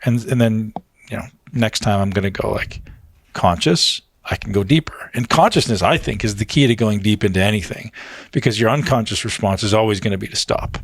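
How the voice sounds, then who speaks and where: Man, gravelly and raspy, low-set voice; emphatic guest with salty language in a dry close podcast sound. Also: brisk, dry recording. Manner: emphatic, swears freely, acts out inner voices. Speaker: fitness coach being interviewed. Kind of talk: casual podcast conversation.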